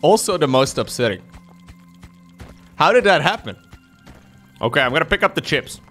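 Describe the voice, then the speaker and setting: Excitable man streaming a game. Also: moderate pace. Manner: excitable, laughs often, jumps to high yelps. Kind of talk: casual live-stream commentary. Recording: faint music behind the voice.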